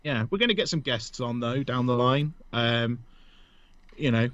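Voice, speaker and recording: A man's voice: medium pitch, measured pace, a bit bright, dry recording. Joking British man, lo-fi podcast. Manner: joking, laughs often, self-mocking. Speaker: podcast co-host. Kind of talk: casual chat.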